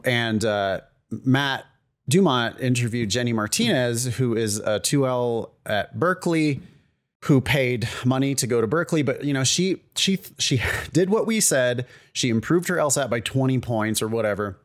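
A man's voice: medium pitch, animated. Guy co-hosting a podcast, chatty and jokey, lots of little asides. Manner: chatty, joking, quick asides. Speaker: podcast co-host. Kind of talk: casual podcast chat.

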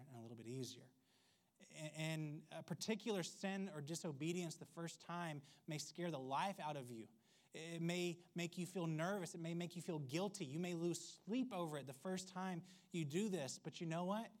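A man preaching a sermon in a conversational, wry way, with playful asides. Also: a little high. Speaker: pastor.

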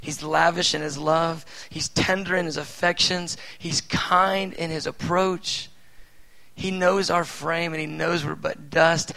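A man in his thirties preaches with lively energy. He asks rhetorical questions and breaks into loud emphasis. His voice is fairly high, gravelly and bright. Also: a little slow, low-quality recording. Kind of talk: sermon.

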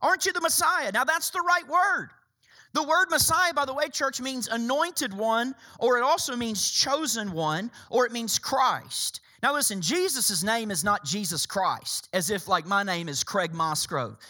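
A man's voice: very high-pitched, expressive, measured pace, bright, forceful tone. A male pastor preaching a sermon in a church, emphatic, repeating phrases and addressing the congregation directly. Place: church sanctuary.

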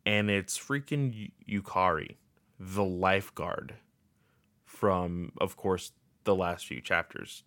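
A man's voice: deep voice, slow pace, fairly bright tone, dry recording. A man casually recapping a game's story in a rambling way, with lots of filler words. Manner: rambling, filler-heavy with many uh and like.

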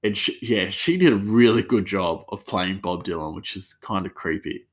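Male podcast host, lowish voice, loose and chatty, drifts off on tangents. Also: moderate pace. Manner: rambling, chatty, restarts, laughs easily. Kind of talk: casual solo podcast chat.

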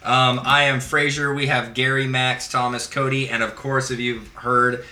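A man's voice: mid-range voice, level tone, normal speed, sharp tone, echoey room. A man hosting a casual podcast, telling crude stories with lots of laughter. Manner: laughing, profane anecdote telling. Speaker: podcast host. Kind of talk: casual storytelling among friends.

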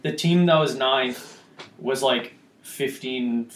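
A young man from Canada, chatting casually as a podcast co-host, animated and laughing often as he acts out quotes. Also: medium pitch, takes it slowly, echoey room, slight background noise. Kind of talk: casual chat.

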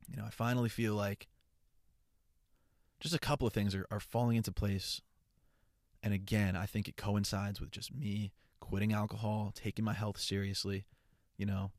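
Young man, casual chat, rambling, profane, upbeat, low voice, dry close sound. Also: darkish tone, no room sound. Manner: rambling and profane, with frequent restarts; upbeat and earnest. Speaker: content creator.

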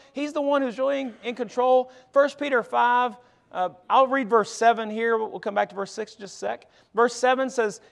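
High, gravelly male preacher. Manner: conversational, repeats words when restarting. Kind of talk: sermon. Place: church sanctuary.

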